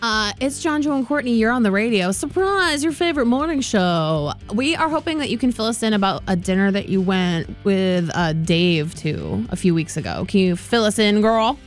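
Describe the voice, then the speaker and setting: A woman hosting a morning radio show, bubbly and quick to laugh. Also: medium pitch, sing-song, soft background music. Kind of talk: casual morning show banter.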